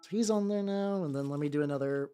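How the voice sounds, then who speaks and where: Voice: mid-range voice, fast talker, dark tone, faint music behind. A streamer chatting casually while painting miniatures, rambling with many stammered restarts and casual swearing.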